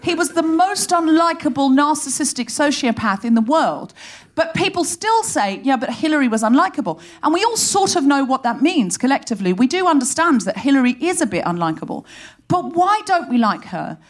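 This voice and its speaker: Brief: female comedy host, animated and sardonic, live stage monologue, somewhat high voice. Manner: animated, sardonic, rapid comic storytelling. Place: live theatre stage before an audience.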